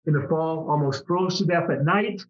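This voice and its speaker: A middle-aged man tells stories in a relaxed interview, stumbling over restarts as he goes. His voice sits a little high for a man. The audio is dull and lo-fi. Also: normal speed. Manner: chatty, rambling, many restarts. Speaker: interview guest, former fighter pilot. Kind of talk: casual storytelling interview.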